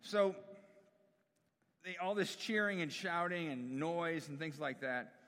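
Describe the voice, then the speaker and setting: A man's voice: a little high, steady tone, takes it slowly, a bit bright. A man preaching a conversational sermon to a congregation, often asking them questions. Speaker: pastor. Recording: long hall reverb.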